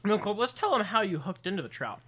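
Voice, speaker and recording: Crude, animated young man. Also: high voice, quick pace. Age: young adult. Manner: crude, joking, swears a lot. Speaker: podcast co-host. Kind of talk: casual chat.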